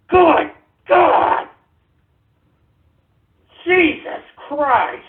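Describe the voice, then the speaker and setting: A man's voice: sits high, animated, normal speed, breathy edge, narrow, tinny audio. A man hosting an internet radio show, ranting agitatedly and cursing at trolls. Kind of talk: live call-in style radio rant.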